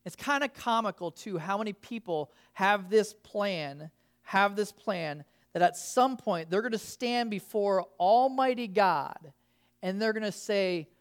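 A pastor preaching a sermon in a slow, emphatic way, repeating key phrases to drive them home. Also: male voice, high voice, lively intonation, clean tone.

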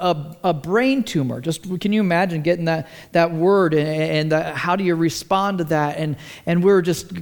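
A man's voice: sits high, smooth. A man preaching a conversational sermon as pastor, often restarting words and asking the congregation questions.

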